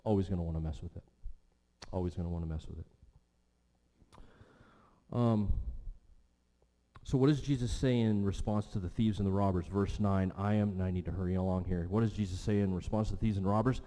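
Low-pitched and warm, this man delivers a sermon as pastor at a slightly quick pace. He speaks emphatically, his voice rising and falling, and the recording carries a long church-hall reverb.

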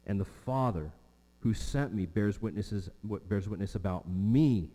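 A man's voice: lowish voice, a little slow, warm tone. Man preaching a sermon in a reverberant hall. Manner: emphatic expository preaching, repeats key lines.

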